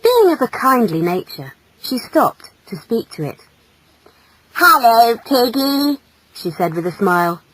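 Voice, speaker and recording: A woman narrating a children's fairy tale in a gentle, measured, expressive way. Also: lowish voice, breathy edge, no echo, rough recording. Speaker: audiobook narrator. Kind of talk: storybook narration.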